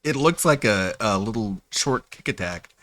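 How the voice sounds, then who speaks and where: A man's voice: on the low side, animated, normal speed, a bit bright, dry recording. A male streamer chatting loosely while gaming, hiccuping after drinking. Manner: rambling, loose asides. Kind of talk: casual chat while gaming.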